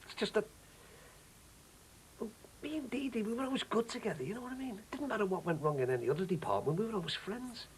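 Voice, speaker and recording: A man's voice: sits high, animated, fast, slight background noise, rough recording. An actor playing a lonely middle-aged husband, rambling and hesitant as he confides. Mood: troubled. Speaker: troubled husband. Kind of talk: soap opera acting.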